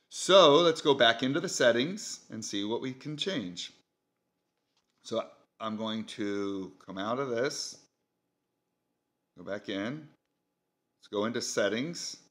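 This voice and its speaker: A man talks through a gadget demo in an easygoing, think-aloud way, with the odd filler. His voice is bright and forceful at a mid pitch. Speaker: product reviewer. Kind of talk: casual product demo.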